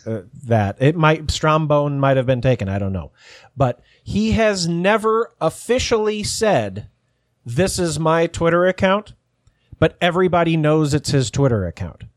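Rambling and profane, a podcast host makes fun of himself in casual conversation. His voice runs on the high side with lively intonation at a moderate pace. The sound is studio quality, with no room sound.

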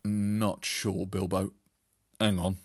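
Dry deadpan male interviewer. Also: sits low, slow, breathy edge, no echo. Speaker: comedy podcast co-host as interviewer.

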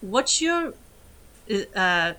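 A young woman co-hosting a podcast, chatting casually with quick asides and frequent laughs. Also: mid-range voice, big pitch swings, sharp tone. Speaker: podcast co-host. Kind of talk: casual chat.

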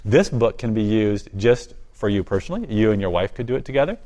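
A man's voice: lowish voice, animated, fairly quick. Earnest older-sounding man sharing his faith. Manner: earnest, enthusiastic, speaks warmly of faith. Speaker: guest, ministry volunteer and author. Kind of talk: interview conversation.

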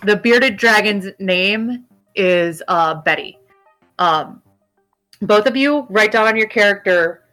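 A woman's voice: mid-range voice, slow pace, a bit bright, faint music behind. A woman narrating a tabletop game as game master, casual and rambling. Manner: casual, rambling with fillers, laughs easily.

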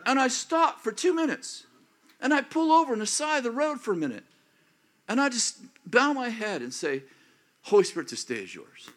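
Animated preacher man, high lively voice. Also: normal speed. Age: 50s or older. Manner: animated, acts out prayers and inner thoughts. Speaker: pastor. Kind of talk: sermon.

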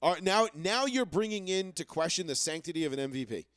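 A man's voice: on the high side, expressive, fast talker, a bit bright, clear, resonant tone, no room sound, clean studio sound. Chatty man reading out football stats. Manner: casual and chatty, reads out stats, mocking. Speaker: podcast co-host. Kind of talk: casual sports chat.

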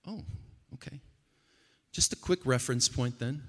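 A man preaching a sermon at a conference, animated and swinging from quiet talk to loud, emphatic passages. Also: medium pitch, unhurried. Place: large conference hall. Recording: long hall reverb.

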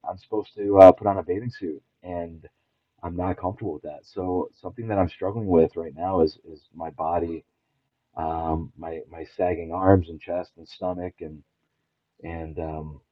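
A middle-aged man with a very deep voice talks earnestly and haltingly, restarting his sentences often. His voice comes through a thin, phone-like line with no room sound at all. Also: no echo. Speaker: podcast guest. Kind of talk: candid personal conversation. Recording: tinny phone-like line, dry.

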